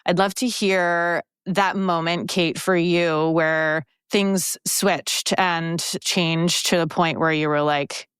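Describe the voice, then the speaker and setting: A woman's voice: lowish voice, fairly even intonation, slow, few pauses, a bit bright, clear, resonant tone, no room sound, studio quality. Encouraging woman podcast host. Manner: upbeat, encouraging. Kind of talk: casual podcast chat and ad read.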